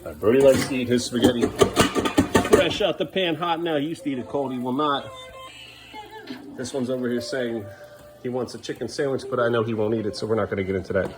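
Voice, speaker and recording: A man's voice: mid-range voice, fairly quick, music in the background. A man filming his family at home, talking in a sing-song voice to his kids and muttering weary asides. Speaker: parent vlogger. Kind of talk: casual family vlog.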